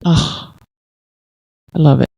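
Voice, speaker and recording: A woman hosting a podcast, praising her guest warmly and at length. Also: takes it slowly, dry recording, low-quality recording. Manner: effusive, gushing praise. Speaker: podcast host. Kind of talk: casual interview talk.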